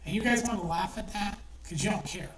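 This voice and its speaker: Heated and repetitive, a middle-aged woman vents a profanity-laden tirade as an online commentator. She speaks a little fast in a mid-range voice, and the recording is echoey, faintly noisy and far from the mic.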